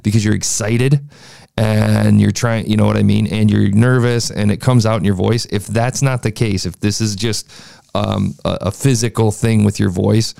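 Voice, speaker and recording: Gravelly man reviewing a podcast. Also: on the low side, little pitch movement, moderate pace, dark tone, no room sound, studio quality. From United States. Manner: chatty, frequent restarts and fillers. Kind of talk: casual critique commentary.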